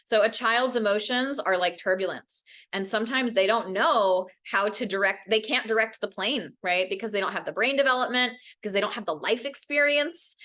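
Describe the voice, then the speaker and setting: Woman educator at a parent workshop; bright, earnest, animates quotes. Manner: earnest, often ends points with "right?"; acts out quoted voices with big pitch jumps. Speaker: mental health educator. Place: workshop room.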